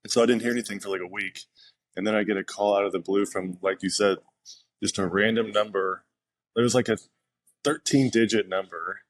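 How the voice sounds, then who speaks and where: A young man, a professional pitcher, telling stories casually as a podcast guest, rambling with fillers and restarts. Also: steady tone, a little fast, no room sound. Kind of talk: casual interview storytelling.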